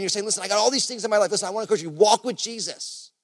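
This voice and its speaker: Casual, chatty pastor with a higher voice. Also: male voice, racing. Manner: casual, conversational preaching with many fillers. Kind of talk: sermon. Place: church service.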